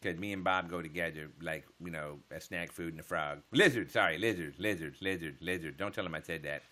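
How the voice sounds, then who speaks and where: Man, livestream host, very low pitch, bright tone, joking, crude. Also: brisk. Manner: joking, crude, laughs often; drops to a hush so as not to wake his household. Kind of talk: casual late-night chat with viewers.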